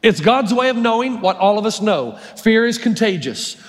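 A man's voice: sits high, sing-song, moderate pace. A male pastor preaching a sermon, storytelling and emphatic, with long hall reverb. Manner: storytelling, emphatic, varies his pace.

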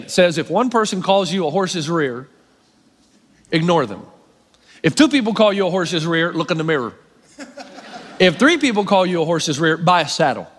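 A middle-aged man preaching a sermon as pastor, wry and self-mocking, shifting into animated preaching. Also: high voice. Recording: long hall reverb.

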